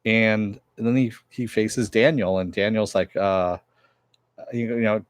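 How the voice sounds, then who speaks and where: Low-voiced man rambling through a recap. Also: fairly even intonation, unhurried, no room sound, clean studio sound. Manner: rambling, filler-heavy retelling. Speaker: TV episode reviewer. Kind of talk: casual recap and review.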